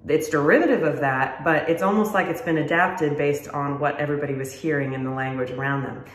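A woman's voice: low-pitched, steady tone, a little fast. A woman fiddle teacher explaining styles in a friendly, casual, self-deprecating way. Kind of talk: casual instructional talk to camera. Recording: roomy echo.

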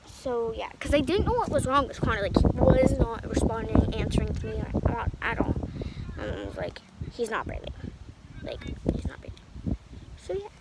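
Teen girl vlogger, high-pitched, chatty and rambling, noticeable background noise. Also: gravelly. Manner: rambling, many "like" fillers. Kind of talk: casual storytime.

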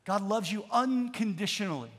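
A middle-aged man preaching a sermon as pastor, moving from relaxed storytelling to emphatic calls and having the congregation repeat lines. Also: high voice, moderate pace, slightly rough, in a large hall. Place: large church hall.

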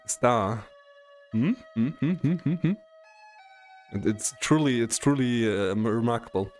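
A man's voice: mid-range voice, unhurried, darkish tone, soft background music. A man with a German accent, a streamer chatting casually and teasingly with his viewers, stammering and restarting often, his voice a little worn. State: strained voice. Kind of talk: casual live-stream chat.

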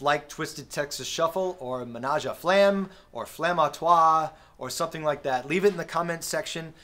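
A man teaching drums in a relaxed, friendly way, explaining patterns with small fillers and sung drum sounds, recorded on a camera mic in a practice room with a drum kit. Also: a little high. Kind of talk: casual instructional talk. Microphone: camera-mounted recorder.

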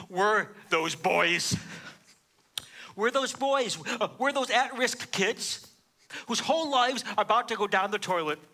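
A man preaching as a rabbi, telling a story with dramatic swings from loud to hushed. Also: sits high. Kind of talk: sermon.

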